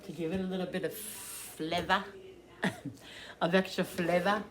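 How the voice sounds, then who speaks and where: A woman talking casually to her viewers while cooking in her home kitchen, rambling and thinking out loud as she works. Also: fairly low pitch, fairly even intonation, measured pace. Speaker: cooking vlogger. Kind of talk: casual cooking vlog chat.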